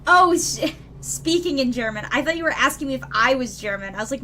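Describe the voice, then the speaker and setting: A young woman chats on a live stream in a high, bright voice, rambling through her thoughts with plenty of "like" and "um." Faint noise sits in the background. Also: lively intonation, fairly quick. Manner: rambling, filler-heavy, chatty with viewers. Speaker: streamer doing tarot readings. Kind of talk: casual live-stream chat. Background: lawn mower noise outside.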